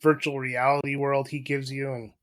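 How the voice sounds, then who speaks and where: A man's voice: mid-range voice, little pitch movement, normal speed. A man co-hosting a podcast, talking casually in a blunt, swearing manner. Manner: blunt, profane, exasperated rants. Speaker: podcast co-host. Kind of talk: casual chat.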